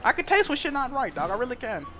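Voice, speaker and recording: A young man streaming a game, telling stories in animated, profane slang. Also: very high voice, quick pace, soft background music. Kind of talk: casual chat while gaming.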